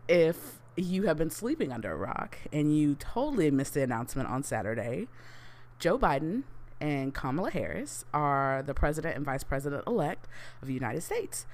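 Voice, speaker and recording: A woman hosting her own podcast, talking casually and excitedly with many fillers and restarts. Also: low-pitched, a little slow. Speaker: podcast host. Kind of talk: casual solo podcast talk.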